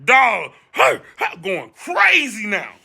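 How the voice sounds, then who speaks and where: A young man spins a chaotic storytime in loose, slangy talk, leaping high when he acts out other voices. His tone is sharp and forceful, pitched a little above the usual. He keeps the story rolling with quick asides to his listeners. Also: gravelly, husky. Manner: excitable, slangy, reenacts voices with big pitch jumps. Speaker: storyteller vlogger. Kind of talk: animated storytime monologue.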